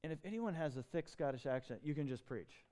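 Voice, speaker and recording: A man preaching a sermon in an animated, emphatic way, with quick asides and restarts. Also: a little high. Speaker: pastor.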